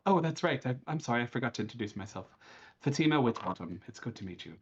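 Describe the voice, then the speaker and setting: A man voicing an easygoing halfling woman sailor for hire, who speaks in a hesitant, halting way. The recording is dull and lo-fi. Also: mid-range voice, expressive, husky. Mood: apologetic.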